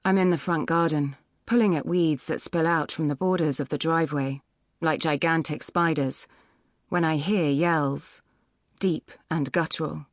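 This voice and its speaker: A woman narrating a novel in the first person with a measured, even storytelling delivery. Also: sits low, dry recording, studio quality. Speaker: audiobook narrator. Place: recording studio.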